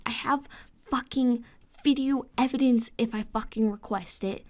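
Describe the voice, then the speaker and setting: A woman's voice: fairly high pitch, unhurried, a little mellow. Sweary, sarcastic woman venting late at night. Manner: frustrated, sweary, sarcastic ranting; drops into whispers at times. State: sleepless. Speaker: vlogger.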